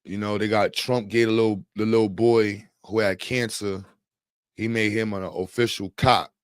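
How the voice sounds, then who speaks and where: A man with a lowish voice hosts a livestream, talking loosely and jokingly in heavy slang. The sound is dry and close, with no room around it. He rambles from thought to thought as he chats with the viewers. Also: little pitch movement, moderate pace, clear, resonant tone, dry recording. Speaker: livestream host. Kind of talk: casual live chat with viewers.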